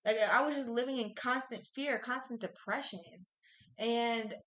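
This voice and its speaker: A young woman with a high, bright voice tells a story on a podcast, blunt and full of swearing. She is recorded in an echoey room. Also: fairly even intonation, normal speed. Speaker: podcast co-host. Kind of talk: casual storytelling chat.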